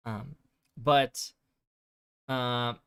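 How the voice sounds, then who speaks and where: A man's voice: mid-range voice, fairly even intonation, very slow, vocal fry, a bit bright, clear, resonant tone, dry recording, studio quality. A male streamer casually recapping a game's story, rambling with lots of fillers. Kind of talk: casual game recap chat.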